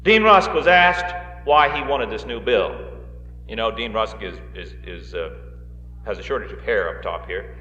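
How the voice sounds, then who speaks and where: With a fairly low pitch and an expressive, pushed and bright delivery at normal speed, this man gives a live political speech as a rally's guest speaker; faint music plays behind him. He is folksy, fond of joking asides and often hesitates with fillers, heard on a roomy, dull 1960s reel recording of a large hall.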